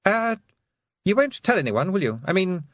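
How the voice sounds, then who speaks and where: Male narrator voicing a flustered boy heir, stammering, high and strained. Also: big pitch swings, moderate pace, a bit bright, no room sound, clean studio sound, exaggerated voice. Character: nervous young nobleman's son, boy.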